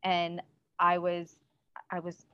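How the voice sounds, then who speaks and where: A woman's voice: on the low side, monotone, slow, smooth. Practical woman giving advice, lo-fi sound. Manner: practical, advice-giving, with many "um"s and "you know"s. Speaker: parenting guest. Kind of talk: casual conversational interview. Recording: dull lo-fi recording.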